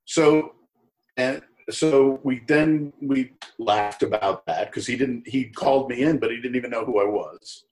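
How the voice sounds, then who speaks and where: A middle-aged man, an actor as a guest, casually telling an anecdote and acting out the people in it with jumps up in pitch. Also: unhurried. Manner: animated storyteller who acts out quoted voices in a higher pitch.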